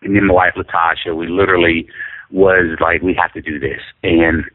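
A man's voice: low-pitched, steady tone, moderate pace, no room sound. A man, a guest in an interview, telling a personal story in an earnest, rambling way with many fillers and restarts. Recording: phone-like radio line.

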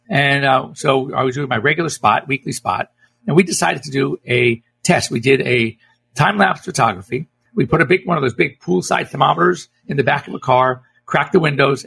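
A man's voice: fairly high pitch, creaky, bright, forceful tone, a little hiss or hum. A middle-aged man, a veterinarian, hosting a casual radio talk show, rambling and chatty with frequent self-corrections.

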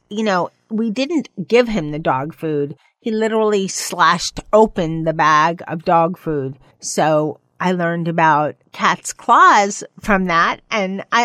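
Chatty woman hosting a pet show. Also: no room sound. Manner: chatty, rambling, playful, mimics excited pets in high voices. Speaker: pet podcast host. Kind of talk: casual monologue.

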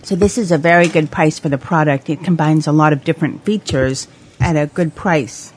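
A woman's voice: sits low, slightly rough. A woman with an English accent hosting a podcast interview, upbeat and encouraging with her guest. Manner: upbeat, encouraging, drawn-out phrasing. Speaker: podcast host.

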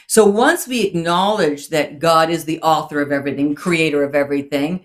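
Low-voiced woman, reflective and faith-centered. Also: fairly quick, few pauses. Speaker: guest author. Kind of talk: casual chat.

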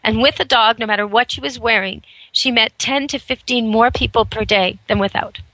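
A woman radio host speaking with a bright, forward voice pitched a little high. She talks earnestly and persuasively, stringing thoughts together in long runs. The sound is dry and close. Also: normal speed, no room sound, low-quality recording. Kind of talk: advice talk show chat.

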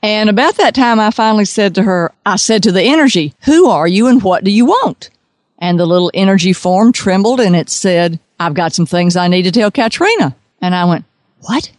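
A woman's voice: mid-range voice, lively intonation, brisk, darkish tone, dry recording. A woman working as an intuitive consultant, telling a story with animation and acting out the voices in it. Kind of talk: storytelling on a radio podcast.

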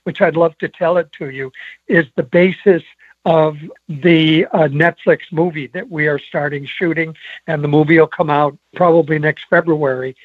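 A man's voice: fairly high pitch, steady tone, normal speed, no room sound, phone-quality sound. A man, a co-author, talking about his book in a genial, chatty way during an interview. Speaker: co-author and guest. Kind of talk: casual interview talk.

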